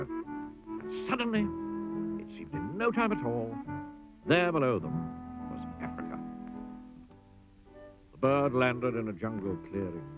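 A man reading a children's story aloud in an expressive, playful storytelling manner. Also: fairly low pitch, lo-fi sound. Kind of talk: storybook narration.

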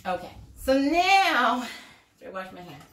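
A chatty woman gives a loose, rambling cooking walkthrough in her home kitchen, her slightly high voice bouncing off the walls. The recording is echoey, with loud background noise. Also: very animated, normal speed. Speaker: vlogger. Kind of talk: casual cooking tutorial.

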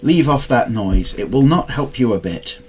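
Wicked old witch from a storybook, snappy and scolding, lively up-and-down voice, a man reading her. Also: medium pitch, normal speed, slight background noise. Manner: scolding, impatient. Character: wicked old female witch, child-eating.

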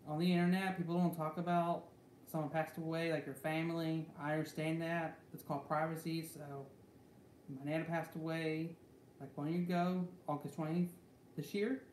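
A man's voice: on the high side, little pitch movement, normal speed, a little mellow. Young male vlogger, meandering delivery full of repeated fillers, recorded in a roomy echoey space. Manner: rambling, repeats "so" and "guys" constantly. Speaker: channel host. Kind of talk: rambling casual vlog. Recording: echoey room with faint background hum.

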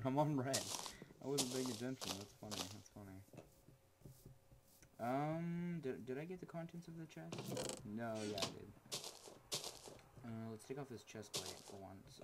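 A man hosts his gaming channel in a loose, chatty way. He is goofy and excitable and often bursts into exclamations. His voice sits at an ordinary, middle pitch. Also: measured pace, long pauses, noisy background. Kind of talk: casual gameplay commentary.

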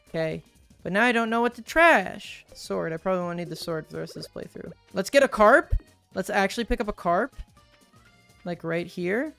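A woman's voice: fairly low pitch, creaky, a bit bright. A woman giving playful, jokey gameplay commentary as she plays a farming game and talks to her viewers. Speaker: gaming video host.

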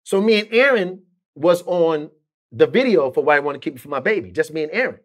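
A middle-aged man with a fairly high voice recounts a story in an interview. He talks in an animated way and slips into the voices of the people he quotes. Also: a little fast. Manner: animated, acts out quoted dialogue.

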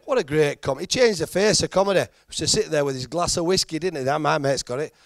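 Gravelly Yorkshire stand-up comedian. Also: male voice, on the high side, quick pace, dry recording. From Halifax, England. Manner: chatty, self-deprecating, teasing the crowd. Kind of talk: stand-up routine.

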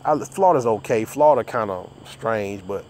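A man's voice: on the low side, animated, normal speed, darkish tone, a little hiss or hum. Profane, rambling man. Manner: profane, rambling, with stammered restarts. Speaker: vlogger. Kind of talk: casual rant to viewers.

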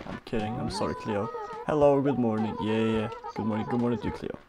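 A man giving casual, playful, chatty commentary while playing a cartoon life-sim game, easily excited and swearing freely. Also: on the low side, fast. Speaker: gaming streamer. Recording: game music behind.

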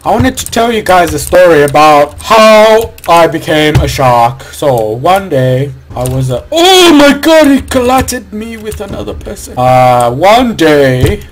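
A man giving goofy casual commentary over his gameplay, breaking into excited whoops and yells. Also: fairly high pitch, unhurried, hardly any pauses. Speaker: gamer making commentary videos. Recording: keyboard clicks and typing noise.

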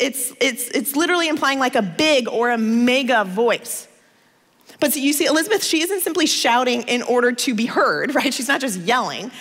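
A woman in her thirties from the United States, preaching a sermon in a conversational, expressive storytelling manner. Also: fairly high pitch, long reverb tail.

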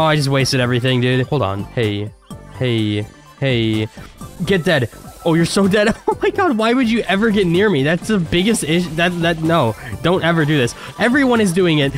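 A young man giving casual, excitable gameplay commentary as a gaming YouTuber, trash-talking his opponents. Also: mid-range voice. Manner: excitable, trash-talks opponents, quick bursts of laughter.

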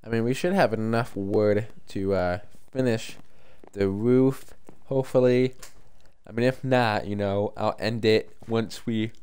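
A tired man chatting casually to his viewers while streaming a game, rambling and thinking out loud. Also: lowish voice, steady tone, a little slow, clear, resonant tone. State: tired, yawning. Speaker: livestreamer. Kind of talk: casual gameplay commentary.

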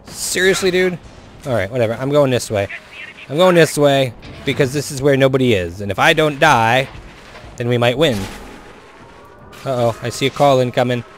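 A young man commentating his own shooter gameplay as he plays, swinging between low muttering and excited whoops. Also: normal speed, pauses often, a little hiss or hum. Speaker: gaming video host.

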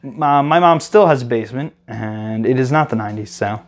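A man hosting a casual card game review, reading cards aloud with excited reactions. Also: mid-range voice, brisk. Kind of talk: casual chat.

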